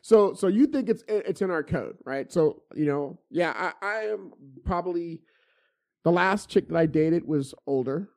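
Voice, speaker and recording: Profane and animated, this middle-aged man spins stories in casual conversation, frequently restarting sentences by repeating words. He speaks at a measured pace in a slightly high voice with vocal fry.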